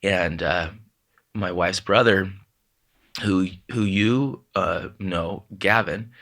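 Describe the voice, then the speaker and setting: A man, a podcast guest, telling heartfelt personal stories in a halting way, with many restarts and quoted voices of his parents. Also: deep voice, fairly bright tone. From Southern California. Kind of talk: emotional personal storytelling.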